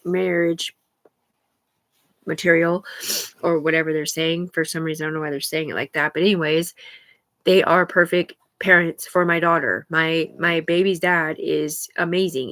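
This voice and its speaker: A woman's voice: low-pitched, fairly bright tone. Agitated, rambling woman streaming live.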